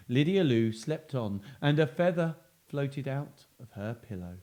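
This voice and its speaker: A man's voice: medium pitch, expressive, unhurried, mellow, dull audio. A man hosting a children's story and joke show, talking in a playful, self-mocking way. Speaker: host.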